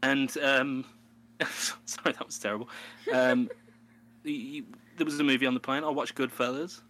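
A man's voice: medium pitch, moderate pace, slight background noise. A young man co-hosting a podcast, telling stories with lots of laughter in casual chat. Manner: animated storyteller, laughs often, breaks into a put-on New York voice. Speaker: podcast co-host.

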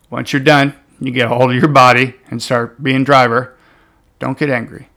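Gravelly guy ranting about anger and relationships, blunt and casual, swears a bit, loud then quiet. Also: medium pitch, a little fast. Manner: blunt, animated, swears casually, swings between loud emphasis and soft asides. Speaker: relationship advice vlogger. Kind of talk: casual advice monologue.

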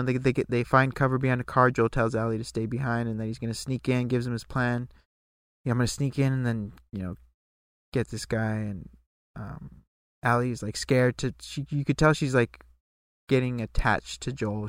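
A man with a gravelly, fry-tinged voice talks through a TV episode in an easygoing podcast chat. He slips into quick character lines as he recaps. The sound is dry and close, with no room around it. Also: medium pitch, no echo. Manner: relaxed, recaps scenes and acts out lines. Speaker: podcast co-host.

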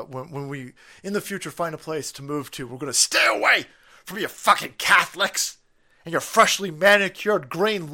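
A man hosting a livestream, ranting casually in a profane, animated way and often breaking into laughter. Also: medium pitch. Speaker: livestream host.

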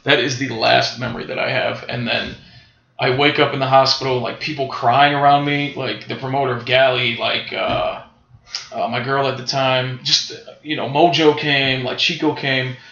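A man with a gravelly, fried edge to his voice tells an animated story in casual conversation. He keeps asking his listeners to follow along as he talks. The recording is roomy and a bit dull. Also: mid-range voice, normal speed. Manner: animated storyteller, checks in with "right?" and "bro". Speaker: guest, professional wrestler.

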